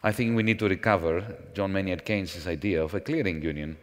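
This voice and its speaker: A man speaking as a panel guest at a conference, in a measured, professorial manner with false starts. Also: deep voice. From Greece. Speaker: panel guest, former finance minister. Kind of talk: onstage panel conversation. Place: large conference hall. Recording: long hall reverb.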